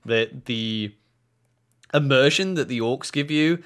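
Young man, casual podcast chat, animated storytelling, mid-range pitch. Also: slow pace. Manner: animated storytelling, acts out quoted voices. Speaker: podcast co-host.

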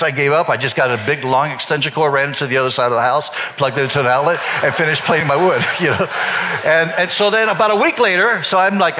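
A man's voice: mid-range voice, sharp tone. A middle-aged man preaching, telling a long personal story with many restarts before turning to scripture. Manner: rambling, self-correcting storyteller. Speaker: pastor.

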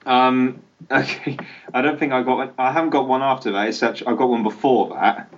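A man's voice: medium pitch, steady tone, brisk, highs cut off, a little hiss or hum. A man co-hosting a podcast, talking in a hesitant, self-deprecating way and laughing easily in casual chat. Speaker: podcast co-host.

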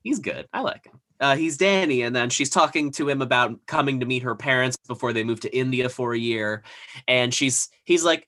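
Man, bright forceful voice, casual podcast chat, rambling retelling. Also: mid-range voice, a little fast. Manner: rambling, filler-heavy retelling. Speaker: podcast co-host recapping a TV episode.

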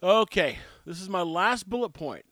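Guy w a stuffed up nose, kinda high voice, dry mic, telling stories and doing both sides of the convo. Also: expressive, normal speed, a bit bright, dry recording. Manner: storytelling, acting out both sides of a conversation. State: stuffy sinuses. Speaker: barbecue restaurant and brewery owner. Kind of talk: casual monologue.

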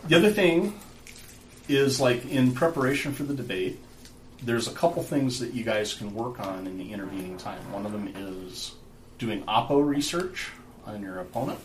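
A man's voice: medium pitch, animated, normal speed. A man running a tabletop game as game master, explaining rules in a loose, filler-heavy way. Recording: roomy, distant, noisy.

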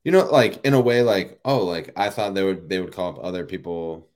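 A man in his thirties, a baseball player, telling a story in a relaxed, rambling way full of fillers. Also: low-pitched, a little fast. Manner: relaxed, rambling, many fillers like "you know" and "like". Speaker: professional baseball player, guest. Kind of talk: casual interview storytelling.

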